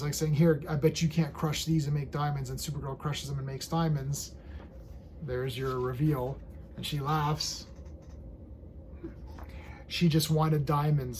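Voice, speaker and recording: A man reviewing an old comic in casual, rambling chat, acting out characters' lines in quick quoted voices. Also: on the high side, darkish tone, slight background noise, poor audio.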